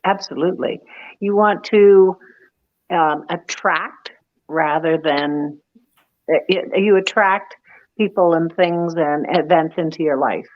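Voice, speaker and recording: Lower-voiced woman guest, muffled sound. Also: slow. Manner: self-deprecating, laughs at herself. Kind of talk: casual chat.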